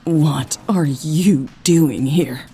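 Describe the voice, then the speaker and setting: A woman's voice: on the low side, slow pace, warm tone, slightly rough, heavily acted. A woman reading the lines of a grieving, hostile woman in an audiobook, sneering and confrontational. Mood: bitter, accusing.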